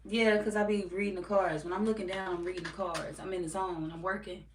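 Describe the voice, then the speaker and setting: Chatting casually with her live-stream audience, a tarot reader reads comments aloud, swearing freely and laughing often. Her lowish voice keeps a fairly even intonation at a slightly fast pace. Recorded on a distant mic, it carries roomy echo and faint background noise.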